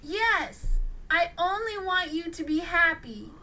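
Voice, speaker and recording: A woman voicing a gentle, caring father, soothing and kind. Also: extremely high pitch, lively intonation, slow, pitched above the performer's own voice, heavily acted.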